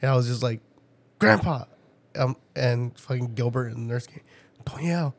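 A man's voice: medium pitch, monotone, quick pace, gravelly, darkish tone. A young man in casual chat, telling profane family stories and laughing often.

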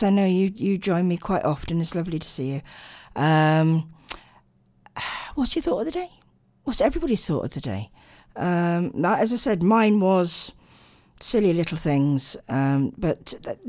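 A woman's voice: low-pitched, a little mellow, no room sound, clean studio sound. A tired woman hosting late-night radio, chatting and rambling with lots of ums. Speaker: radio host.

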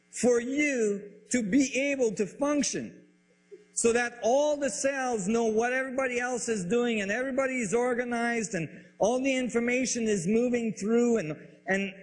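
A man explaining science ideas in a lecture style, halting and searching for words, with frequent restarts. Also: extremely high pitch. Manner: enthusiastic about the ideas. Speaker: speaker on physics and biology.

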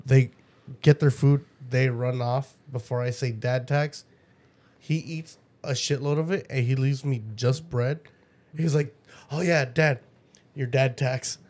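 A man's voice: mid-range voice, steady tone, unhurried, darkish tone. A man co-hosting a casual podcast for dads, telling profane stories and acting out quotes. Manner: profane storytelling, acts out quotes. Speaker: podcast co-host; father.

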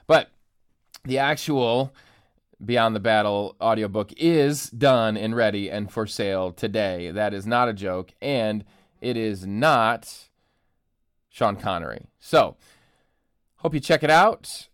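A solo podcast host and author speaks slowly in a fairly low, slightly bright, clean voice, joking about himself in a casual monologue. He's in an empty room on a studio microphone, and the recording is dry and studio quality.

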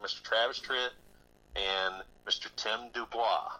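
A man's voice: on the low side, fairly even intonation, measured pace, bright, forceful tone, rough recording. A male musician guest chatting in a radio interview, easygoing, laughing often and repeating words as he talks. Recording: radio broadcast sound.

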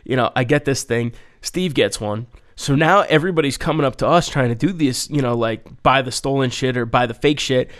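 A man's voice: a little fast, hardly any pauses, fairly bright tone. Laid-back man swapping road stories. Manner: loose, rambling storytelling with frequent swearing and fillers; mimics people's voices in a high, singsong pitch when quoting. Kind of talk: casual chat, telling travel stories.

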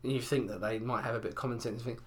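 A man's voice: mid-range voice, fairly even intonation, rapid-fire, a little hiss or hum. A man, ranting and swearing in casual chat, often acting out other people's voices. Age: 20s.

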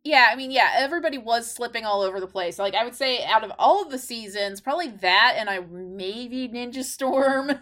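A woman's voice: a little high, expressive, brisk, few pauses, a bit bright. A woman co-hosting a podcast in casual chat, talking loosely with lots of "like" fillers. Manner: chatty, heavy use of "like" fillers. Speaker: podcast co-host.

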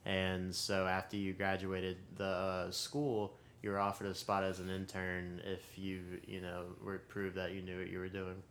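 A man guesting on a podcast, an animated storyteller who swears and laughs through his anecdotes. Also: deep voice, moderate pace, few pauses, slight background noise. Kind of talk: casual chat.

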